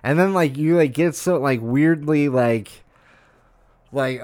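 A man's voice: on the high side, animated, normal speed, darkish tone, no room sound. A young man streaming from home, ranting in a casual, exasperated and profane way with lots of fillers, close to his desk mic.

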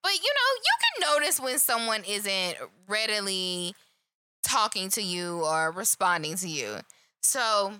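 A woman co-hosting a casual live chat, animated and profane, laughing loudly. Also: medium pitch, a little slow, no echo. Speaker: co-host. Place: live online stream.

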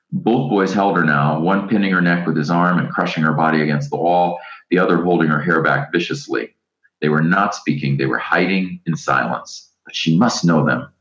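Deep-voiced man reading a novel aloud. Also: fairly bright tone. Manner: measured, unhurried reading with small self-corrections. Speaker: reader. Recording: roomy, dull lo-fi recording.

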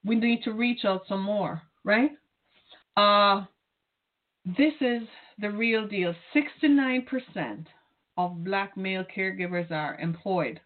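A woman's voice: medium pitch, slow pace. A middle-aged woman speaking earnestly and directly to caregivers, repeating her key phrases as she urges and encourages them. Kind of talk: heartfelt direct-address talk. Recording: tinny phone-like line.

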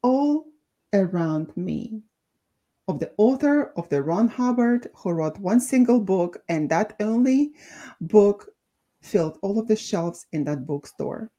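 Mellow-voiced woman, thoughtful co-host. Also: medium pitch, animated, takes it slowly, lo-fi sound. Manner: thoughtful, many fillers and restarts. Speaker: co-host, doctor. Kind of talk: casual podcast talk.

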